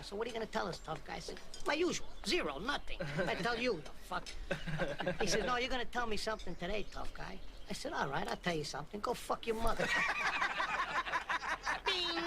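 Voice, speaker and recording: Brief: a profane, volatile mobster in a film, voice swooping all over, heavy noise under the dialogue. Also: male voice, very high-pitched, vocal fry, exaggerated voice. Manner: profane, quick-tempered, swings from jokey to menacing. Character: volatile, swaggering male mobster, middle-aged. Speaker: gangster in a film scene. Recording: noisy film audio played back.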